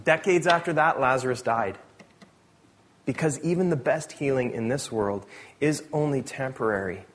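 A man preaching a sermon in a conversational, animated way, correcting himself with quick asides. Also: mid-range voice. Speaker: pastor.

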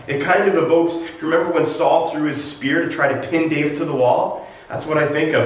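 A man's voice: on the high side, a little fast. A man preaching a sermon in an earnest way, lifting his voice with drama when he reads scripture aloud. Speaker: pastor. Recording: echoey room with faint ambient noise.

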